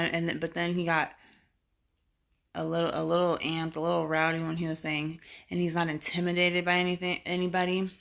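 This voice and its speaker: A woman's voice: fairly low pitch, flat delivery, fairly quick, creaky, a bit bright. A woman vlogger telling a story casually to camera, rambling with fillers and restarts and swearing freely.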